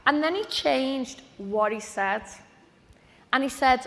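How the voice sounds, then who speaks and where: Woman in her forties, high voice, chatty motivational stage talk, long hall reverb. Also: slow, creaky. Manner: lively, chatty storytelling. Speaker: speaker at a business event.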